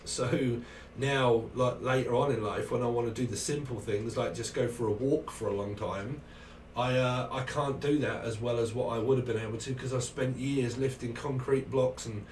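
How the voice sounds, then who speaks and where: A man's voice: mid-range voice, steady tone, moderate pace, hardly any pauses, darkish tone. Middle-aged cambridgeshire guy rambling on his tarot stream, echoey room, mic kinda far off. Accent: Cambridgeshire English. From England. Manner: rambling, chatty, thanks viewers. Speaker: tarot reader streaming live. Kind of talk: casual livestream chat. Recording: roomy, distant mic, faint noise.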